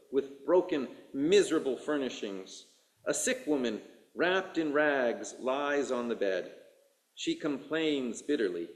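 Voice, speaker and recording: A rabbi reading a story aloud during a sermon, slowly and expressively, giving voices to the characters. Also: male voice, mid-range voice. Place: synagogue sanctuary. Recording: echoey room.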